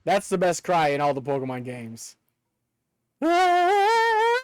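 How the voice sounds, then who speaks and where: A man streaming live in casual chat, excitable, swearing often and breaking into laughter. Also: mid-range voice, a little fast, dry recording.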